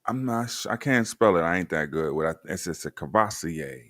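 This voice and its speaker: A man's voice: sits low, lively intonation, fairly quick, fairly bright tone, no room sound, clean studio sound. A man hosting a casual podcast chat, laid-back and slangy, joking as he talks. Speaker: podcast host. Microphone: remote stream mic.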